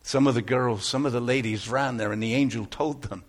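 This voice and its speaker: An actor playing an aging biblical shepherd, telling his story earnestly, moving between hushed tones and exclamations. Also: medium pitch, fairly quick, natural voice. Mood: wondering. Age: older. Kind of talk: first-person dramatic monologue.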